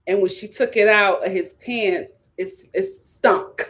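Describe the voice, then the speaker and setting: A young woman, hosting a live-stream review and ranting in animated, casual commentary, repeating lines for emphasis. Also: slow pace. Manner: animated, repeats lines for emphasis, swings between loud outbursts and low mutters. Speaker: YouTube reality-TV reviewer.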